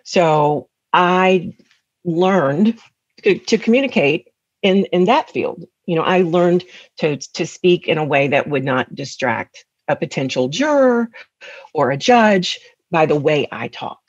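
Tennessee woman with husky voice. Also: deep voice, slow pace, no echo, highs cut off. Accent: Southern US, Tennessee. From West Tennessee, USA. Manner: frequent laughter, animated storytelling. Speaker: guest. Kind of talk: interview, personal storytelling.

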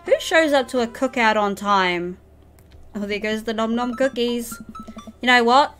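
A woman's voice: a little high, measured pace, fairly bright tone, soft background music. Giggly New woman streaming a game. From New Zealand. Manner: giggly, chatty with viewers, reads game lines in a playful voice. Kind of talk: live game stream, reading dialogue aloud.

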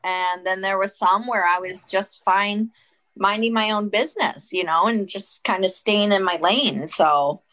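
A candid woman co-host whose chatty, expressive delivery slips in the odd swear word. Her voice has a middle pitch and a clean, close sound. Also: a little slow. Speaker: podcast co-host. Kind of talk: casual chat.

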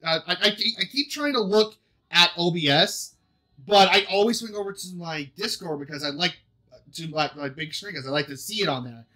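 A man's voice: sits high, moderate pace, pushed and bright. A man hosting a casual group chat show, laughing and teasing the others as he talks. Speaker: podcast host.

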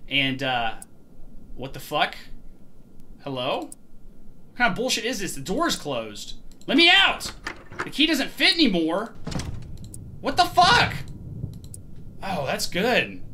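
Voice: mid-range voice, unhurried, long pauses, slight background noise. A gaming host giving let's play commentary on a horror game, talking to the objects on screen and swearing and yelping at the scares. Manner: excitable, swears and shouts at scares.

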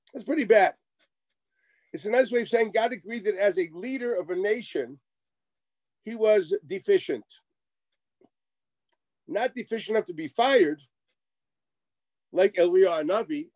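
Animated, high-voiced man lecturing. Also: no room sound. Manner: animated, wry asides, acts out quoted exchanges. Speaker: rabbi lecturing. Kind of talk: Torah lecture.

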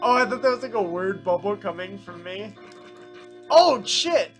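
A man hosting casual let's-play banter, excitable, swearing a lot and crying out at his losses. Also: sits high, fairly quick, faint music behind. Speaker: channel host.

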